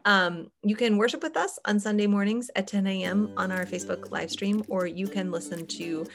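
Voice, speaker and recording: A woman's voice: mid-range voice, normal speed, over music. A middle-aged woman hosting a podcast, chatting casually with frequent fillers and laughs. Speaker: podcast host.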